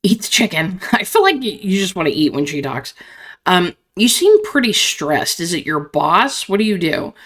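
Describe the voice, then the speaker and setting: A woman's voice: on the low side, sing-song, normal speed, fairly bright tone. A woman gaming streamer reading dialogue choices aloud and chatting playfully. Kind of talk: casual let's play commentary.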